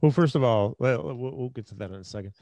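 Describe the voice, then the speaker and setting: A man's voice: medium pitch, fast talker, a little mellow, dry recording. Chatty middle-aged male host, dry sound. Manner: chatty, digressive. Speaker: podcast host. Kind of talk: casual interview talk.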